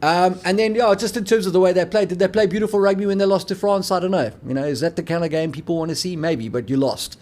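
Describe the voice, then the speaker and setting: A man's voice: high-pitched, fast talker, few pauses, darkish tone. A man co-hosting a casual sports chat, teasing and joking and often saying "mate". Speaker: podcast co-host.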